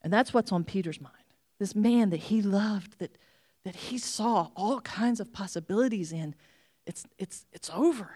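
A woman preaching a sermon, retelling a story with animated storytelling and acted-out voices. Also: mid-range voice, moderate pace, slightly rough.

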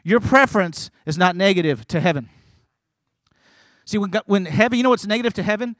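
A man with a high voice preaches a sermon, building rhythmic, repeated lists up into shouts and then dropping into quiet asides. The sound is close and dry, with no room echo. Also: fairly quick. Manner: repetitive, rhythmic phrasing. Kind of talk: sermon to a congregation.

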